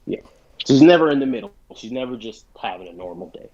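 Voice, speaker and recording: A man co-hosting a casual podcast, an excitable, rambling storyteller full of fillers who runs tabletop games. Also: mid-range voice, fast, crowd noise. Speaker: podcast co-host and game master. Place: bedroom or basement at home. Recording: lo-fi home recording.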